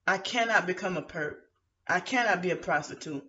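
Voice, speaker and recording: A woman vents to camera in a rambling, indignant monologue, stopping and restarting her sentences and leaning on fillers. Her tone is bright and edgy. The sound is muffled and lo-fi, and she sits some distance from the mic. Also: lowish voice, a little fast. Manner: aggrieved, indignant. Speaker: vlogger.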